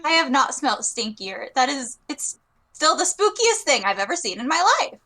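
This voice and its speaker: A woman's voice: high voice, sing-song, normal speed, sharp tone, full character voice. A woman voicing a sweet, easily spooked young toon with gushing reactions. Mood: determined.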